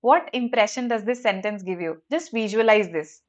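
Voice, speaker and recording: A woman teaching an online grammar lesson, explaining lively and checking in with rhetorical questions. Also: a little high, normal speed, few pauses, lo-fi sound. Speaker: exam prep teacher.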